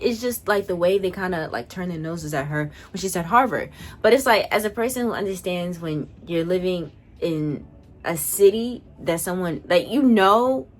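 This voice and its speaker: A young adult woman chatting casually as a video reviewer, animated and sassy in her asides. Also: lowish voice.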